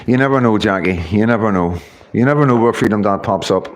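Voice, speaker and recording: Chatty man, lowish voice. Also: fast talker, noisy background. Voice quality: informal, uses local words. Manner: chatty, greets viewers one by one by name. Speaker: livestream host. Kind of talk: casual livestream chat.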